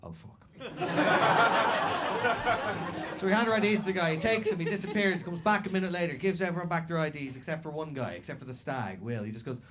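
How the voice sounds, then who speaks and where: A man's voice: on the high side, fairly quick, long pauses. A man doing brash, profane stand-up storytelling on a comedy stage. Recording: stand-up set with loud crowd laughter. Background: audience laughter.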